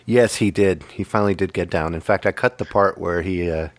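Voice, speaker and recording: A man's voice: sits low, brisk, dry recording. A man in his fifties hosting a casual podcast chat, joking and laughing often as he tells stories. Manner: jokey, laughs often, animated storyteller. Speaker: podcast host.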